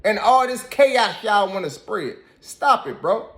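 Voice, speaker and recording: A man's voice: high voice, big pitch swings, unhurried, a bit bright. A man giving reaction commentary, scolding and emphatic, repeating his points. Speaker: commentary host.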